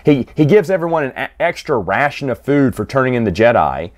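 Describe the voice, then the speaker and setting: A man giving a casual, rambling solo review of comic books, with frequent restarts and quick snatches of acted dialogue. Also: mid-range voice, sing-song.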